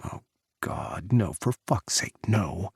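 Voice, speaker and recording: A man's voice: on the low side, lively intonation, unhurried, a little mellow, husky, dry recording, clean studio sound. A man voicing a tense, furious security leader who speaks in clipped orders.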